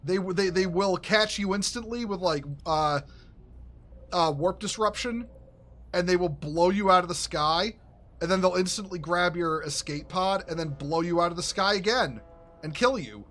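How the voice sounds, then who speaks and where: A man giving casual, rambling commentary while playing a game, excitable and swearing, often restarting his sentences. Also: high voice, moderate pace. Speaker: gaming streamer.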